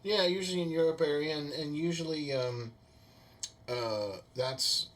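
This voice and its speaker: A man's voice: on the high side, unhurried, a bit bright. Rambling male podcast host. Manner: rambling, filler-heavy, friendly. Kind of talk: casual podcast chat.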